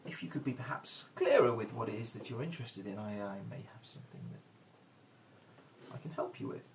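A man voicing a thin, famished male elf prisoner, a spy trying to sound cheerful in a worn, hoarse voice. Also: mid-range voice, expressive, fairly quick, natural voice. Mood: sly. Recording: noisy room recording.

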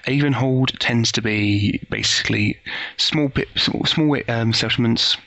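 Over lo-fi voice call audio with no room sound, a man acts as game master for a casual tabletop game, explaining the setting at length. His medium-pitched voice is creaky, pushed, and bright, moving at a measured pace with many fillers and restarts.

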